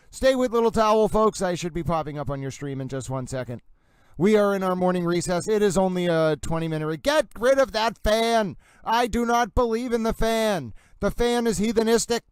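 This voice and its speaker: Guy hosting a live stream, high smooth voice, over-the-top grand delivery, dry close mic. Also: no room sound, poor audio. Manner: theatrical, mock-grandiose. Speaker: livestream host.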